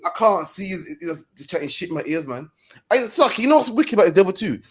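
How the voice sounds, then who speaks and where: A man's voice: sits high, sing-song, quick pace, slightly rough. A man from Birmingham, England, co-hosting a podcast in heated casual chat, preachy and slangy, ending lines with "man". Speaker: podcast co-host.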